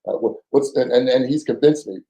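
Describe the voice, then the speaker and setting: A man's voice: mid-range voice, brisk, low-quality recording. A man telling a story as a guest in a podcast interview, in casual slang. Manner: animated storyteller, acts out voices, casual slang. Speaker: former undercover agent, guest.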